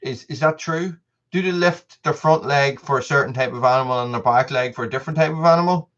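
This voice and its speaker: A man's voice: mid-range voice, a little fast, fairly bright tone, muffled recording. A man hosting a casual live stream, chatting with viewers in a rambling way, full of restarts and repeated words.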